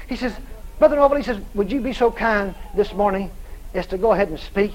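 A man's voice: sits high, moderate pace, poor audio. A male preacher telling a story in a sermon, acting out both sides of the conversation and often laughing as he tells it.

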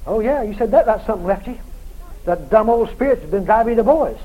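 A man preaching a revival sermon, shouting and hammering phrases over and over, then dropping quiet. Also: high-pitched, animated, fast talker, lo-fi sound. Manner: shouting, emphatic repetition, swings loud and quiet.

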